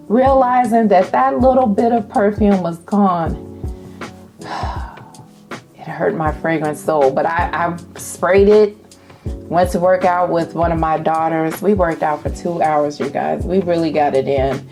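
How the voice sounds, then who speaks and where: A woman chatting to her viewers about perfume in an animated, testifying way, calling them y'all. Her voice is mellow and unhurried, with faint music behind her. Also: medium pitch. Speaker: fragrance vlogger. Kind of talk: casual chat to camera.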